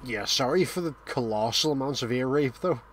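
A man's voice: mid-range voice, brisk, a bit bright, soft background music. A man bantering casually while streaming a game, joking crudely, swearing a lot and breaking into bits of song. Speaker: streamer and co-host. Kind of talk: casual, profane gaming banter.

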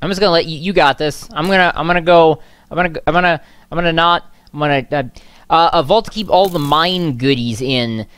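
A young man hosting a casual let's play, chatting and reacting excitably to the game. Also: on the high side, clear, resonant tone. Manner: excitable, jokey, quick reactions. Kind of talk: casual gameplay chat.

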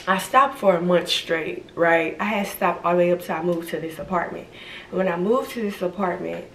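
A woman's voice: on the low side, a little hiss or hum. A young woman, rambling through a candid vlog at home, her speech slightly slurred by retainers. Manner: rambling, frequent "like" and "y'all". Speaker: vlogger. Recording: echoey room, distant mic.

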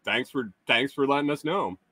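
A middle-aged man hosting a casual live stream, reading chat comments aloud and teasing viewers with chuckles and halting restarts. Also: mid-range voice, bright, forceful tone, breathy edge, no echo.

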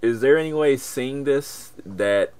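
A man's voice: medium pitch, a little slow, over a noisy crowd. A man playing an online tabletop game, chatty and restarting his questions. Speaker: player. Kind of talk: casual tabletop play. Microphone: remote call microphone.

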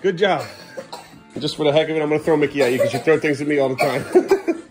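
A man's voice: fairly high pitch, quick pace, music in the background. A father in a casual family vlog at home in the kitchen, coaxing his children and then getting firm with them, while turning to the camera for chatty asides. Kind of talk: family vlog narration while caring for kids.

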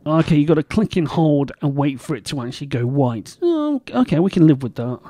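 A man's voice: fairly high pitch, sing-song, a little fast, mellow, no echo. A man hosting his own game show, chatting casually and rambling in a self-deprecating way while he plays. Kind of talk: casual gameplay commentary.

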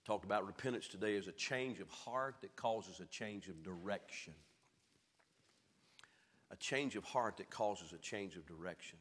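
A man with a Southern American accent preaching a sermon as pastor, swinging from shouted peaks down to low, quiet lines. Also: moderate pace, breathy edge. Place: church sanctuary. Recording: echoey church hall.

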